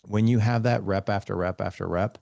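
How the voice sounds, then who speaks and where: A man's voice: fairly low pitch, fairly even intonation, brisk, creaky, a little mellow, dry recording, studio quality. A man in his forties, a podcast guest, telling earnest stories about fatherhood and acting out talks with his kids. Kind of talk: conversational interview.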